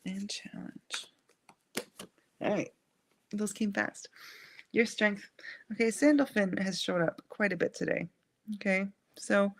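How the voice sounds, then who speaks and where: A woman hosting a live angel card reading, speaking in a gentle, soothing and affirming way. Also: mid-range voice, gravelly, no echo. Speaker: angel card reader and live stream host.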